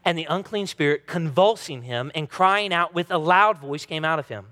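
A man's voice: on the high side, normal speed, bright, forceful tone. A man in his thirties preaching a sermon as pastor, earnest and emphatic. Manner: earnest, emphatic preaching with dramatic quoted voices. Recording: long reverb of a large hall.

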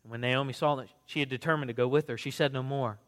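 Earnest pastor reading aloud in a hall. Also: male voice, mid-range voice, fairly even intonation, quick pace, a bit bright. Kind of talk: sermon reading.

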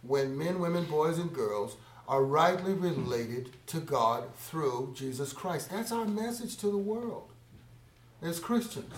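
A man delivers a sermon, his slightly high voice surging loud on key words and then sinking almost to a whisper. He stretches scripture phrases out slowly for weight. The sound rings in an echoey room. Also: expressive. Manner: dynamic preaching, swells loud on key phrases and drops to a hush; slow, drawn-out emphasis on scripture words. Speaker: pastor.

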